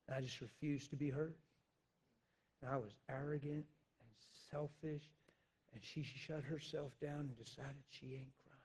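A male pastor preaching a sermon, swinging between loud shouting and quiet, blunt confession. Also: medium pitch, fairly even intonation, normal speed, slightly rough.

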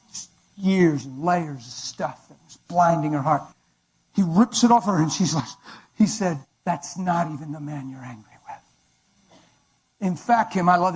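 A man's voice: on the high side, breathy edge, low-quality recording. A man preaching, giving a dramatic, emphatic testimony. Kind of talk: sermon testimony.

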